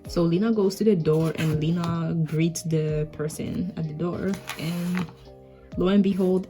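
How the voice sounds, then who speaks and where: A woman's voice: lowish voice, dark tone. A young woman casually commenting on her old comic, laid-back, full of "like" and "I guess".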